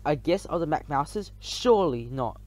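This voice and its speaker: A man's voice: fairly high pitch, expressive, normal speed, a little mellow, close to an everyday voice. A man reading aloud, voicing a haughty, scornful rat doorman who sneers at a visitor. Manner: sneering, disbelieving.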